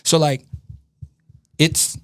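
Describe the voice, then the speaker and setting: Speaking extremely slowly, a Brooklyn, New York DJ and producer appears as a guest on a casual podcast, telling animated anecdotes, performing other people's lines, and using plenty of profanity. The recording is dry.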